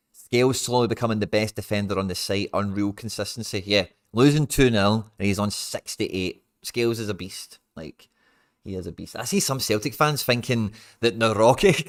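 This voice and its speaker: A young Scottish man with a fairly low voice hosts a live football watch-along into a desk microphone. He rants in exasperation and swears freely, breaking into sudden loud outbursts. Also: normal speed.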